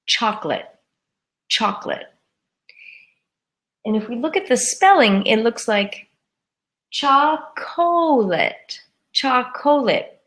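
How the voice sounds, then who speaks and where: A woman gives a live English lesson at a slow, unhurried pace. She says words carefully and repeats each one for her learners, in a voice of middling pitch. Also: a bit bright. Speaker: English teacher. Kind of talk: live-streamed grammar lesson.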